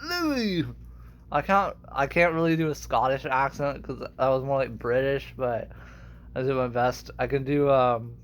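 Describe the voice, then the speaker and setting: A man's voice: mid-range voice, fairly even intonation, normal speed. A young man and aspiring voice actor in a casual vlog, talking in a hesitant, self-deprecating way.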